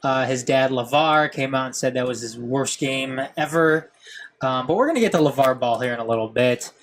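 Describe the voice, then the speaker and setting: A man's voice: medium pitch, normal speed, a little hiss or hum. A young man with a nasal Midwestern accent hosting a casual sports podcast, rambling and self-deprecating and tripping over his own words. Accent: Midwestern American. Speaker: podcast host.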